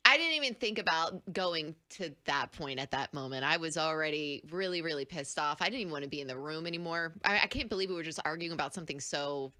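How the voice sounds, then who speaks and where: A woman's voice: deep voice, expressive, quick pace, few pauses, sharp tone. A woman co-hosting a radio show who tells a personal story candidly and conversationally. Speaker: radio co-host. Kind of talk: morning radio banter.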